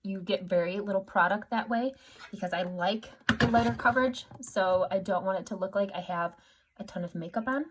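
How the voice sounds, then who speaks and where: A woman's voice: medium pitch, brisk, slight background noise. A woman makeup artist giving a casual, chatty makeup tutorial to her customers, upbeat and self-deprecating.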